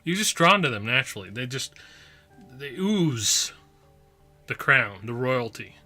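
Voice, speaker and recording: A man's voice: mid-range voice, big pitch swings, measured pace, pushed and bright, faint music behind. A man hosting his own podcast, talking casually and playfully with lots of repetition and asides. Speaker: podcast host. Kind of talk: casual solo review.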